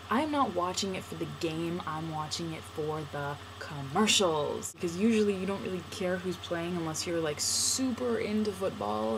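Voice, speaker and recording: A woman's voice: lowish voice, background noise. A young woman in college talking casually to camera in a playful, sarcastic, jokey vlog. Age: young adult. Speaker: vlogger.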